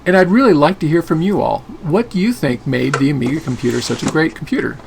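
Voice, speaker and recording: A man's voice: on the high side, fast, vocal fry, a little hiss or hum. A man narrating a scripted video essay as host of his channel.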